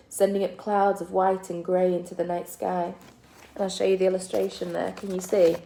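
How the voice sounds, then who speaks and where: A woman teacher reading a children's book aloud to her class, with steady, expressive storytelling. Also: lowish voice.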